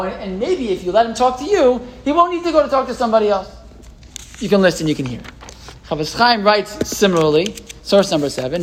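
High-voiced man teaching a Torah class. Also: low-quality recording. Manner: conversational, quizzes the audience, reads and translates texts aloud. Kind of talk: live Torah class lecture.

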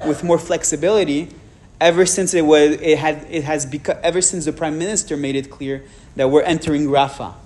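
A man with a French accent, giving a public talk and answering audience questions frankly, with measured pauses and restarts. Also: on the high side, steady tone, darkish tone.

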